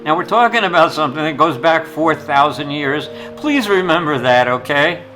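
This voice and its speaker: A man's voice: fairly high pitch, expressive, normal speed, rough recording. Blunt, rambling older male teacher. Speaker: retired jewelry teacher. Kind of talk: anecdotal storytelling. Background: soft guitar music.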